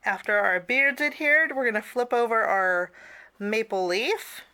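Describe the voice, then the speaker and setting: Bright-voiced chatty woman teaching crafts. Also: on the high side, measured pace. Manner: chatty, apologetic asides, frequent fillers. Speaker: cardmaking teacher. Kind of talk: casual craft tutorial.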